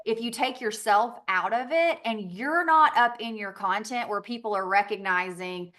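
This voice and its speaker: A woman's voice: mid-range voice, normal speed, hardly any pauses, fairly bright tone. A woman with a Southern US accent giving a chatty training talk on a team call, laughing often and acting out little quoted exchanges.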